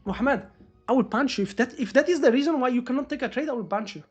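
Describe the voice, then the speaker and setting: A woman day trader live-streaming her trades, talking excitably to viewers and swearing freely. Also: sits high, fast, husky, muffled recording, soft background music. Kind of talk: live-stream trading commentary.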